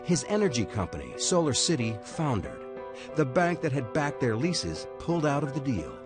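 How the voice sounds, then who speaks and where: A man giving scripted documentary narration in a measured, dramatic way. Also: medium pitch, huge pitch swings. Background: music.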